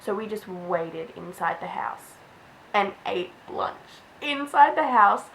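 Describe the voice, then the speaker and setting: A woman's voice: mid-range voice, expressive, slow, vocal fry, a bit bright, slight background noise, rough recording. Chatty young woman telling a story. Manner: chatty, lots of "like". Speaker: vlogger. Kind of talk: storytime vlog.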